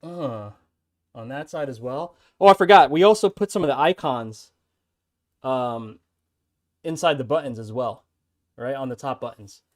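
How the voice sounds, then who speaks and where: A man's voice: mid-range voice, lively intonation, measured pace, long pauses. A man streaming and showing off a custom fightstick build in a casual, upbeat, chatty way. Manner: upbeat and chatty, talks straight to viewers. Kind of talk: casual livestream showcase.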